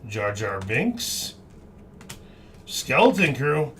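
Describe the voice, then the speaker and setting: Man, card break host, live stream commentary, upbeat, animated pitch, slow delivery. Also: slight background noise. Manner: upbeat, reads out each card, cheerful exclamations.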